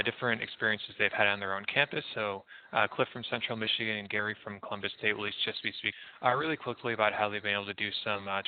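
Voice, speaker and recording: Man, webinar host, casual and quick, lowish voice, tinny phone-like audio. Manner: casual, quick, uses fillers. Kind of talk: introducing a webinar.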